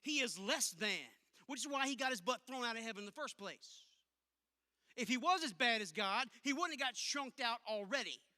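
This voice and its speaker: A youth pastor, preaching to teens in an emphatic, conversational way with punchy asides. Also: male voice, very high-pitched, expressive, moderate pace, pushed and bright. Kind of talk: youth sermon. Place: church auditorium. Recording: long reverb of a large hall.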